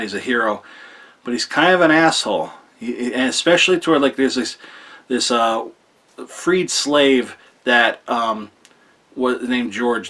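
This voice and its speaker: A man's voice: mid-range voice, fairly bright tone. A man giving a casual, rambling spoken film review, full of fillers, restarts and the odd swear word. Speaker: movie reviewer.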